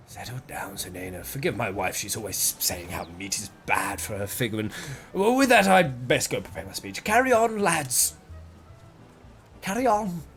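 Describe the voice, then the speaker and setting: A man's voice: fairly high pitch, a bit bright. A man voicing a pompous older male merchant who rambles and stumbles over his words. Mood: boastful.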